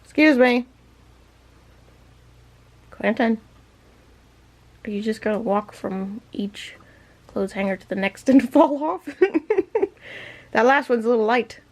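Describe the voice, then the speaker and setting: A woman's voice: fairly high pitch, slow pace, long pauses, darkish tone. A woman vlogger chatting playfully to her pet parrot in teasing baby-talk, laughing often.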